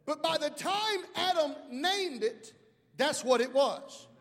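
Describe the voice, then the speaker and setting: A middle-aged male pastor preaching a sermon, calling out to the congregation and rising into shouts. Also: extremely high pitch, expressive, slow, in a large hall. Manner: preaching with call-outs to the congregation.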